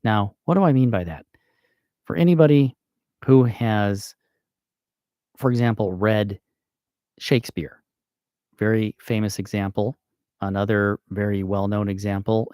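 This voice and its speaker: American guy slowly thinking out loud about grammar, lowish voice, dry close sound. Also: dry recording. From United States. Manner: slow and thinking aloud, with fillers and self-corrections. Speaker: channel host. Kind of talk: casual grammar explainer livestream.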